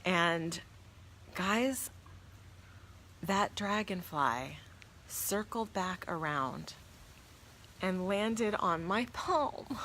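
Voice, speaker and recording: A woman's voice: on the low side, animated, extremely slow, long pauses, a bit bright, a little hiss or hum. A woman hosting a spiritual live stream, telling a personal story to viewers in an earnest, reverent, awed way and reading out their comments.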